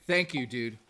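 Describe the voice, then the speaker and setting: A man's voice: medium pitch, pushed and bright. Earnest streamer man, losing his voice. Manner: earnest, motivational, swearing freely. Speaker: streamer host. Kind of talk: live stream chat with viewers. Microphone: desk mic.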